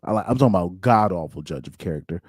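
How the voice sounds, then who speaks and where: Male channel host, low mellow voice, opinionated live commentary, keeps repeating his points, dry close sound. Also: lively intonation, fast talker, no room sound. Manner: opinionated, repeats phrases for emphasis. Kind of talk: casual live reaction commentary.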